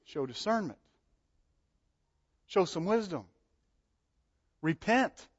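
A man preaching a sermon, animated, acting out the voices he quotes and swinging between loud and soft. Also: high voice, slow pace, breathy edge. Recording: dull lo-fi sound.

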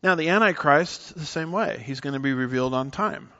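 A man's voice: a little high, lively intonation, brisk, pushed and bright, lo-fi sound. A man preaching a sermon, teaching with emphasis and citing scripture verses as he explains. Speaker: pastor.

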